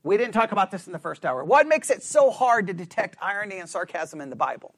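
Leading a Bible study, a middle-aged man with a high voice talks fast and chattily, often checking that the class is keeping up. His pitch swings widely, and he sinks into a low mumble to act out sarcastic replies. The recording is close and dry.

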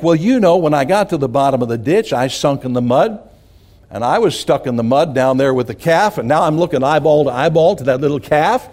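A man's voice: on the high side, darkish tone. A man preaching a sermon, telling a folksy childhood farm story and asking the congregation "amen?".

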